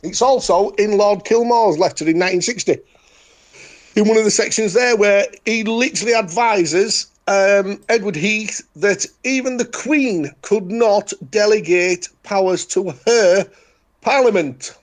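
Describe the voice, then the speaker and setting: A man's voice: sits high, a little slow. A man with a Yorkshire accent talking in casual chat, making blunt, repeated declarations. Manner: emphatic, repetitive, declaring.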